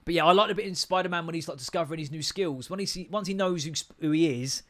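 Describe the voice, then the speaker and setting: A man's voice: on the high side, quick pace. A British man in his thirties hosting a solo podcast, ranting and rambling with heavy swearing. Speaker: podcast host.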